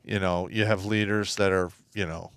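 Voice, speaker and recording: A man's voice: sits low, steady tone, moderate pace, clear, resonant tone, dry recording. A man in his fifties, an army veteran co-hosting a casual chat over a video call, blunt and prone to restarts.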